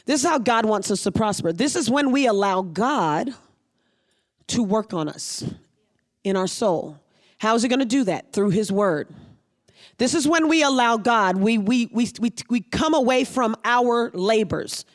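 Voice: mid-range voice, animated, a little slow. Pastor delivering a sermon, emphatic and repetitive, reads scripture then explains it. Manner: emphatic preaching with repeated phrases.

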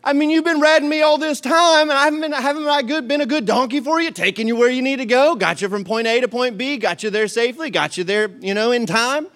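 A man's voice: extremely high pitch, fast talker, hardly any pauses, fairly bright tone, pitched above the performer's own voice. A man voicing a hurt, indignant talking male donkey who pleads with its rider. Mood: pleading.

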